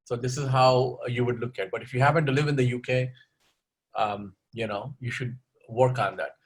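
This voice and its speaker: Answering audience questions at an online webinar, a man gives English-learning advice at normal speed, his mid-range voice fairly even in intonation. After many points he adds "okay?"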